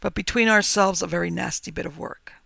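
A theatre manager lowers his voice to confide a judgment, as a man puts him on. The tone is bright and gravelly, high for a man. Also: a little fast, no echo, clean studio sound, heavily acted. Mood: confiding.

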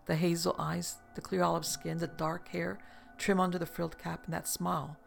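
Very gravelly, measured audiobook narrator. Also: medium pitch, little pitch movement, soft background music. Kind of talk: scripted narration of a novel.

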